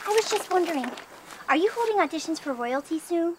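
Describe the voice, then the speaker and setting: Woman playing an overeager would-be princess, wheedling, high, bouncy pitch, noisy recording. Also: animated, fairly quick. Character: eager pushy young woman, would-be princess.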